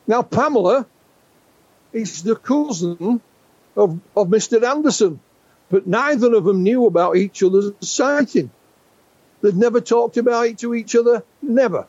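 An English UFO researcher in his sixties, interviewed as a guest, tells stories animatedly and often restarts his sentences. His voice is high with a darkish tone at normal speed, and the recording sounds dull, lo-fi, and dry.

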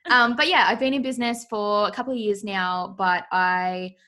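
A woman's voice: medium pitch, fairly even intonation, moderate pace, noisy background. A woman with an Australian accent, a business coach talking as a guest on a podcast in a playful, chatty way. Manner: playful, chatty, laughs easily. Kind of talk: casual interview chat.

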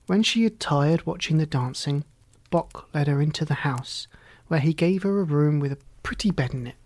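A reader narrating a children's story in a soft, hushed, often half-whispered and unhurried way. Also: medium pitch, no room sound. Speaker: audiobook reader.

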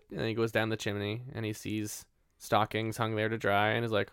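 Brief: a man retelling a story on a comedy podcast, smooth voice, dry close sound. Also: fairly low pitch, flat delivery, brisk, fairly bright tone, no room sound. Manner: laid-back storytelling, laughs often, swears. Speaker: podcast co-host.

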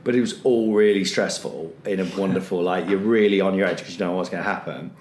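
Rambling comedian, roomy sound. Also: male voice, sits low, quick pace, slight background noise. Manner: animated, loose storytelling full of fillers, acting out other people's voices. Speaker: comedian and podcast co-host. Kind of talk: rambling comic anecdote. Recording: roomy echo.

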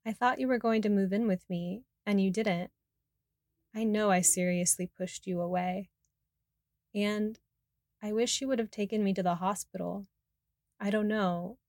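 A woman reading the lines of a remorseful man still recovering from a head injury, in a quietly candid, rueful way. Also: medium pitch, fairly even intonation, a little slow, pauses often, dry recording, clean studio sound, natural voice.

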